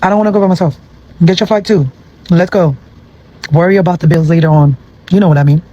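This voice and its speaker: A man talking excitedly to camera in a casual selfie video, urging his viewers again and again to join him. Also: sits high, quick pace, dull audio. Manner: excited, urging, repetitive hype. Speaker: vlogger.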